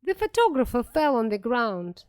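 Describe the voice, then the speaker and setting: A woman reading a short story aloud slowly and clearly for beginner English learners, careful and expressive. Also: a little high, no room sound, clean studio sound.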